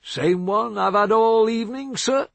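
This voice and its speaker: A man voicing a young male American soldier who speaks in a slow, lazy Southern drawl, polite and unhurried. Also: high-pitched, creaky, dry recording, voice pushed up. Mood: polite, calm.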